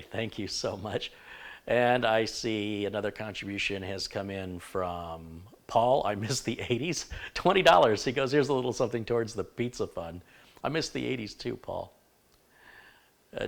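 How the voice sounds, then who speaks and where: A man hosting a live computer-building stream, talking frankly and shifting between stern remarks and chatty thanks. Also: mid-range voice. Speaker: livestream host.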